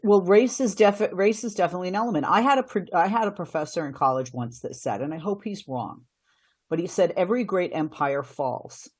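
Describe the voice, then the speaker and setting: A woman's voice: fairly low pitch, quick pace, darkish tone, husky. A middle-aged woman, a radio host and commentator, giving earnest answers in a podcast interview, often restarting her sentences.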